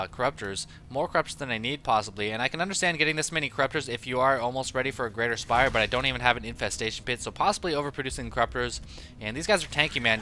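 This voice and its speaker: Guy talking thru his own match, mid pitch, chatty and opinionated, some hiss in the background. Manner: analytical, opinionated, loose and chatty. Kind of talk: casual gameplay commentary. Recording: steady background noise.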